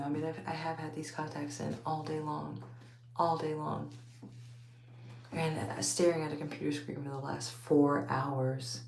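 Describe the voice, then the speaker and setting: A woman vlogger with a Texas accent takes out her braids and chats with viewers late at night at home, under a bright light. She rambles, laughs often and says y'all. Her voice is low-pitched with vocal fry, recorded in an echoey room with a little hiss or hum.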